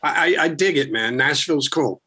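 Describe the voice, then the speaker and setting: A man from Philadelphia, a rock singer, telling stories in casual, profane, animated talk as a podcast guest. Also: a little high, moderate pace, slightly rough. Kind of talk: casual storytelling.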